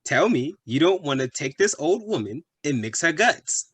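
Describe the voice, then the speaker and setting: A man's voice: on the high side, big pitch swings, normal speed, fairly bright tone, breathy edge, dry recording, exaggerated voice. A man playing a crude, leering British bloke. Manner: leering, boastful, full of slang. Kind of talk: comedy sketch acting.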